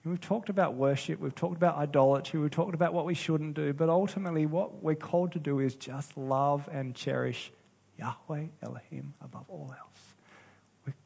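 A man preaching a sermon as pastor, earnest and unhurried, with pauses and restarts. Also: on the high side, gravelly, darkish tone, husky.

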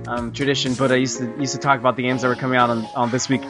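A man hosting a casual gaming podcast, excitable, swearing and laughing often. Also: mid-range voice, very fast, over music. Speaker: podcast host.

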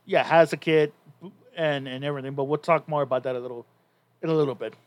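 A man's voice: a little high, steady tone, fast, dry recording. A man co-hosting a podcast, casually recapping a story in a rambling way with many restarts. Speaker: podcast co-host.

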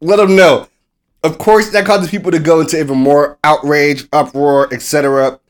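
An American man co-hosting a sports podcast, telling a story in a casual, animated way and acting out the people he quotes. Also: on the high side, a little fast, clean tone. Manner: swears casually. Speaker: podcast co-host.

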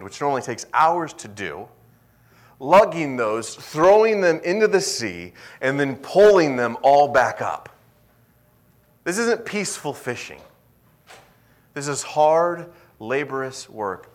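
A young man preaching a sermon in a lively, conversational way, sometimes dropping to a whisper. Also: mid-range voice. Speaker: pastor.

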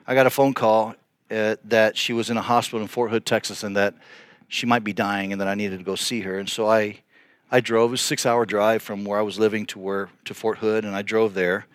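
A middle-aged male pastor telling a story in a sermon, earnest and animated, with frequent restarts. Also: lowish voice, brisk, dry recording.

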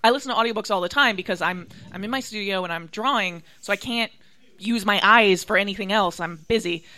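A woman's voice: mid-range voice, a little fast, bright, forceful tone. A woman artist chatting as a podcast guest, enthusiastic and laughing often. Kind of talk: casual chat.

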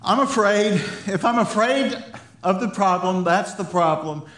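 A man with a somewhat high voice preaches a sermon, animated and often laughing as he builds to excited emphasis. The sound carries the roomy echo of a church hall. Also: a little slow. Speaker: pastor.

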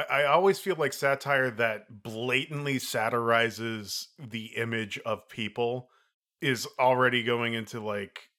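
A man co-hosting a film review podcast with a bright, forward tone at a middle pitch. He talks in a thoughtful, halting way, often restarting mid-thought. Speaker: podcast co-host. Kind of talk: casual film review chat.

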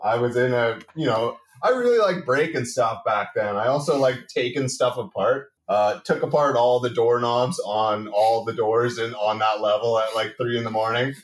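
A man's voice: mid-range voice, moderate pace, few pauses, far from the mic. A young man co-hosting a podcast, telling a self-mocking story with dry humor and swearing. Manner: wry, self-mocking, profane. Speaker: podcast co-host. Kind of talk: casual storytelling chat. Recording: roomy sound, away from the mic.

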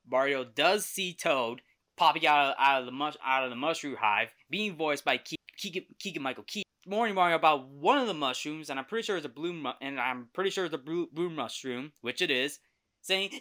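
Bright-voiced chatty man reviewing trailers. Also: a little high, smooth. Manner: chatty, self-correcting, laughs easily. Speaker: podcast host reviewing movie trailers. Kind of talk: casual spoken review.

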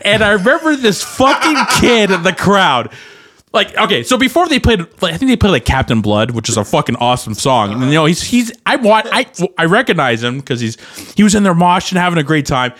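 A man's voice: sits high, very animated, a little fast, fairly bright tone. A young man co-hosting a casual podcast, telling stories with lots of swearing and laughter. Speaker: podcast co-host. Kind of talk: casual chat.

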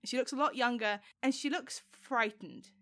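Woman game master, bright voice, a bit high, descriptive unhurried narration. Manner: descriptive, unhurried scene-setting.

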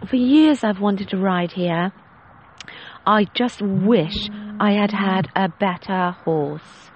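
A woman voicing a frustrated well-to-do lady rider complaining about a slow horse. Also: mid-range voice, a little mellow, lo-fi sound, a little hiss or hum, natural voice. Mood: exasperated.

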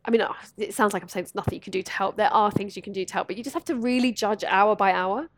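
A woman's voice: mid-range voice, fast talker, background noise. A woman hosting a podcast, talking casually and animatedly about grief and acting out other people's lines. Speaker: podcast host.

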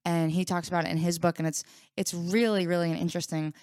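A woman co-hosts a casual recovery workshop, leading with explanations and small acted-out scenarios. Her voice sits low and smooth, and the recording is dry and close with no room sound. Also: steady tone, fast, a little mellow, dry recording. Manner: explains with frequent "right?" tags and examples; acts out an anxious inner voice in examples. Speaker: podcast co-host.

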